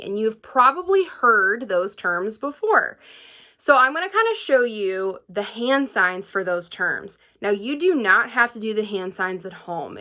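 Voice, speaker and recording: Speaking in a mid-range voice that is bright and forceful, a young woman leads children through a music lesson online from her home. She stays patient and supportive, frequently pausing to ask "okay?"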